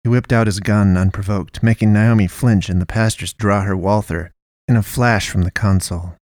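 Low-voiced man narrating a dark story. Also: no echo, studio quality. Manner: steady, measured storytelling with voiced dialogue. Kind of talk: audiobook-style story narration.

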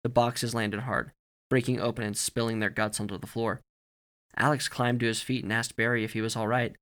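A man narrating a story in a steady, measured reading voice. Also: medium pitch. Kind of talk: scripted audiobook narration.

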